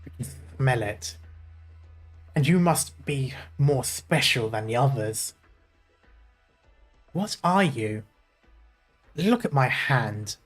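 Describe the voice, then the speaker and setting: A gravelly, smoke-roughened ship captain, put on by a man reading a game's story aloud. His body is becoming part sea monster, and he speaks slowly and with menace. The voice sits in a middle register with faint music underneath. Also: medium pitch, lively intonation. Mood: menacing. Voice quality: gravelly, smoky.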